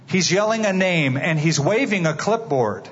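A man's voice: sits high, lively intonation, normal speed, slightly rough. A man preaching a sermon as a dramatic story, asking his listeners direct questions. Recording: dull, reverberant hall.

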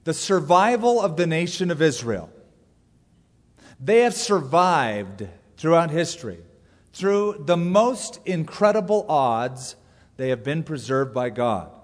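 A man's voice: fairly high pitch, sing-song, slow. Male pastor, casual storytelling sermon, wry humor, reverberant hall. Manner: conversational storytelling with dry humor.

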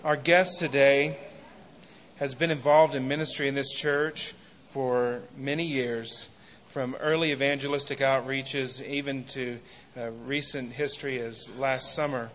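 A man introducing a guest preacher at a church service, speaking warmly with small pauses. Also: medium pitch, fairly even intonation, faint music behind. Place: church sanctuary. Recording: dull recording in a big reverberant hall.

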